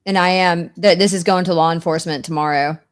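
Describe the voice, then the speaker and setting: A woman's voice: on the low side, steady tone, fast. Upset woman ranting indignantly. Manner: indignant, impassioned, repeats herself. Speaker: live show host. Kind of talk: live-stream rant.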